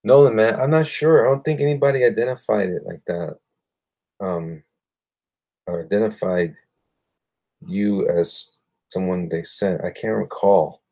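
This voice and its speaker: A man's voice: lowish voice, a little slow, long pauses, darkish tone. A man chatting casually with viewers while drawing on a livestream, rambling and muttering to himself.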